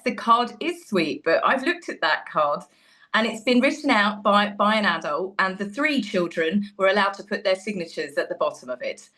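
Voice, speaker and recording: A woman's voice: fairly low pitch, pushed and bright. A woman appearing as a guest commentator, who talks with skeptical sarcasm and acts out quotes. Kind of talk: opinionated commentary.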